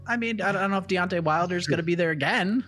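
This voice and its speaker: Bright-voiced male podcast host. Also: high voice, fast, faint music behind. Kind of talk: casual podcast chat.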